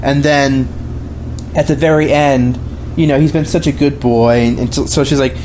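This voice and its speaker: A man's voice: medium pitch, steady tone, normal speed, a little mellow, a little hiss or hum. A man co-hosting a podcast, chatting casually about films in a rambling way, full of restarts and fillers. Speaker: podcast co-host. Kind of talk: casual film discussion.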